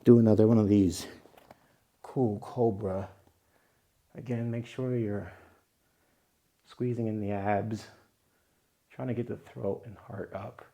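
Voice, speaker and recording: A young man guides a yoga routine, calm and easygoing, with playful jokes tossed in. His voice sits low and sounds dark and mellow. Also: slow pace, pauses often. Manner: playful, joking aside between calm cues. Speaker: vlogger leading a yoga session. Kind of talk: guided yoga instruction, casual vlog chat.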